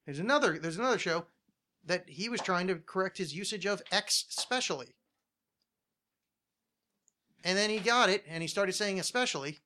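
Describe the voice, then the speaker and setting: A man hosting a podcast, talking casually and ranting with plenty of swearing. His voice is bright and forceful and sits a little high for a man. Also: lively intonation, fast talker, a little hiss or hum. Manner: ranting, swears a lot, many restarts. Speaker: podcast host.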